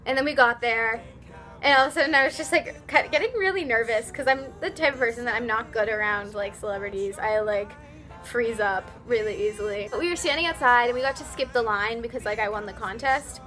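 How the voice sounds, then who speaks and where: A young woman vlogger telling an excited, rambling story, full of "like" and restarts, her voice a little worn after a concert. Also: fairly high pitch, brisk, soft background music. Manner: rambly, flustered, lots of "like".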